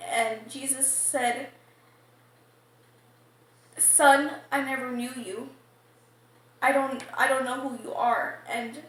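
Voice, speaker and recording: A woman's voice: sits high, fairly bright tone. A woman hesitantly recounting a religious dream in a testimony interview, full of fillers and restarts. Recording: very echoey room.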